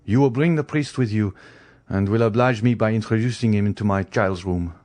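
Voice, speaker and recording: A stern magistrate and grieving father speaks formally and wearily, voiced by a man narrator. The voice is low. The sound is dry and close. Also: brisk, darkish tone, dry recording, lightly acted.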